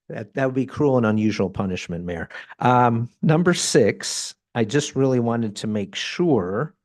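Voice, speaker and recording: A man's voice: mid-range voice, expressive, unhurried, a little mellow, no room sound, studio quality. A man speaking as a resident during public comment at a city meeting, pointed and dryly sarcastic.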